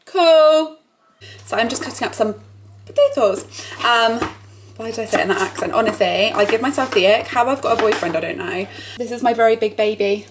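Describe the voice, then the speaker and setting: A woman's voice: a little high, brisk, background noise. A woman, chatting casually as she vlogs in her kitchen, rambling and filling gaps with "like" and "um". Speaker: vlogger. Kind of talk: casual vlog chat. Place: home kitchen. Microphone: camera mic.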